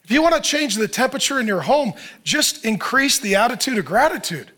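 A middle-aged male pastor preaches in a loose, conversational style. He fires rhetorical questions at his listeners and acts out what people might say. His voice sits high and sounds bright and forward. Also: big pitch swings, brisk. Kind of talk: sermon.

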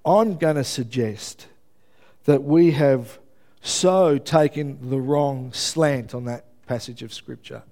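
A man delivering a conversational sermon at a middle pitch, earnest and personal. He keeps checking in with his listeners with a quick "yeah?". When he is moved he stammers and repeats words, then pushes his voice up and louder as he builds. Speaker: preacher.

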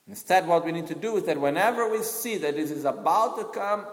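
A man's voice: high-pitched, lively intonation, brisk, few pauses. A man giving a Buddhist teaching in a conversational way, with frequent asides and acted-out quotes. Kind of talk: commentary teaching on a Buddhist text. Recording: echoey room with long reverb.

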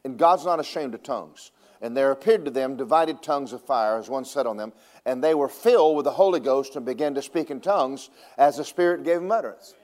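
A man preaching a sermon as pastor, animated and humorous, swinging between loud preaching and hushed asides. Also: mid-range voice, fairly quick. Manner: humorous storytelling, laughs at own jokes.

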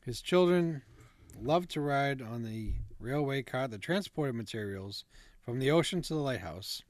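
A man's voice: medium pitch, animated, unhurried, dry recording. A man co-hosting a casual chat, reading out ghost stories from notes in a laid-back way, with fillers and asides. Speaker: podcast co-host.

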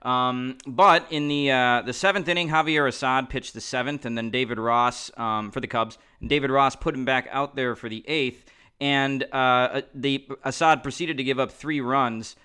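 Bright, smooth-voiced podcast co-host. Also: male voice, mid-range voice, fairly even intonation, moderate pace. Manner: recaps game plays matter-of-factly. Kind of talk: casual chat.

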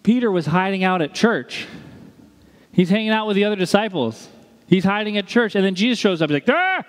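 A male pastor preaching a sermon in a lively way, with joking asides and acted-out quotes. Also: high voice, fairly quick. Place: church sanctuary. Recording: long reverb of a large church hall.

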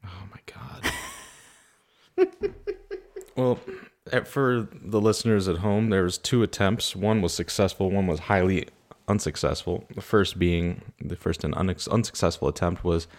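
Man, very deep voice, vocal fry, dry teasing humor, podcast chat. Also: a little slow, darkish tone. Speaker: podcast co-host. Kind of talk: casual chat with spouse.

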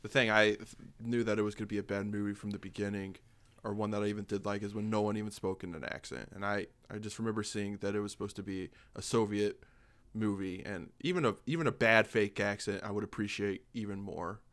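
A man with a low but bright, forceful voice chats on a podcast. He talks fast and with emphasis, piling up his points. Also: steady tone. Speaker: podcast co-host. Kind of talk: casual chat.

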